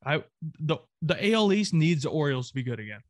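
A man's voice: on the high side, sing-song, fast, no room sound, studio quality. A man from the American South ranting emphatically, with swearing, as a co-host of a casual sports talk show.

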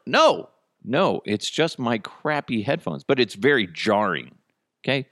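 A man's voice: mid-range voice, very animated, a little slow, a bit bright, no echo, studio quality. A man in his thirties hosting a casual solo podcast, rambling and cursing with self-mocking humor. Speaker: podcast host. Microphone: headphones and studio mic.

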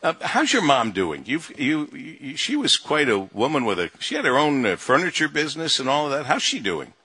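A male radio talk show host interviewing a guest in an upbeat, chatty way with filler pauses. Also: fairly high pitch, big pitch swings, sharp tone, breathy edge, no echo.

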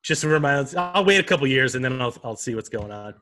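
A man co-hosts a podcast in a laid-back, wry chat. His voice is bright and lively in pitch, and he tells his stories at an easy pace. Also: fast. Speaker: podcast co-host. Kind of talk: casual chat.

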